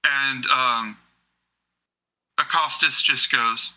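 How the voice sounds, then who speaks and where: A man's voice: mid-range voice, expressive, fairly quick, sharp tone, poor audio. A man narrating a tabletop game as game master in a casual, rambling way.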